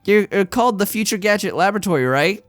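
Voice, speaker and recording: A bold young woman from a visual novel, blunt and a little teasing, put on by a man reading her lines. The voice is raised well above his normal pitch. It is recorded dry and close, with faint music behind. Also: expressive, quick pace, a bit bright, dry recording. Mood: curious. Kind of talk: reading game dialogue aloud.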